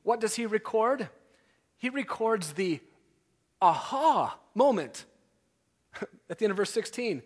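A man preaching a sermon as pastor, emphatic and animated, building intensity as he teaches. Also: high voice, takes it slowly, pauses often. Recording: long hall reverb.

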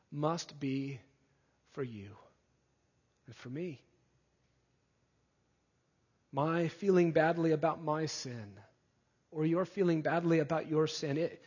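A male preacher giving an earnest sermon, rising to emphatic peaks and dropping soft again. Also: on the high side, husky. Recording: dull sound with long hall reverb.

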